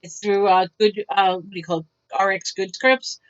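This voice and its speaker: A woman's voice: medium pitch, moderate pace. A woman vlogger telling stories in a casual, rambling way, acting out the lines of the people in them. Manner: rambling, animated, acts out quotes. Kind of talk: casual storytelling. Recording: dull lo-fi sound.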